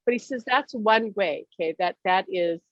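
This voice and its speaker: A woman giving a mediumship reading in a casual, animated way, often laughing and acting out what others say. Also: medium pitch, moderate pace, no echo, highs cut off. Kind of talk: casual reading over a call.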